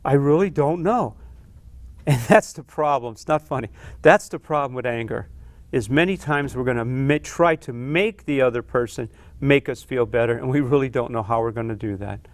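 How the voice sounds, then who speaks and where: A man's voice: mid-range voice, normal speed, no room sound. A man appearing as a guest on a TV talk show, talking earnestly and telling a story with acted-out dialogue. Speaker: psychologist guest. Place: TV studio.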